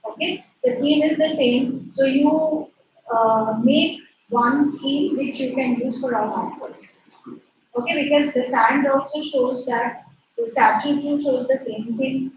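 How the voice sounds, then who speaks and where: High-voiced woman teacher dictating slowly. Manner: slow dictation, repeating and spelling words. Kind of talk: dictating a class lesson. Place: classroom or online class. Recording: echoey, distant, muffled with noise.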